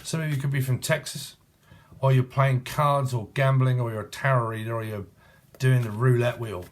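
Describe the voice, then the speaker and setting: A man's voice: mid-range voice, steady tone, normal speed. A man giving a casual tarot reading, free-associating from word to word, punning and swearing freely. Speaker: tarot reader.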